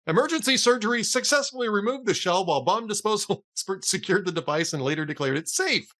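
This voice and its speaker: Chatty guy hosting a talk show, laughs at his own jokes, bright voice that jumps around. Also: high-pitched, animated, quick pace. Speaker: podcast host. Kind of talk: casual political talk show chat.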